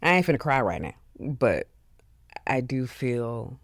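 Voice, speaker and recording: A podcast host speaking alone in an earnest, heartfelt way, with many pauses and fillers, openly emotional. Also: mid-range voice, big pitch swings, dry recording, studio quality. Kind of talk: solo reflective podcast monologue.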